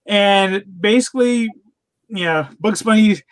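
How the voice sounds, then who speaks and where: Male podcast co-host, high-pitched, loose and chatty, full of "uh" and restarts. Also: slow, smooth. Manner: rambling with many fillers and restarts, laughs often. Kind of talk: casual chat reviewing cartoons.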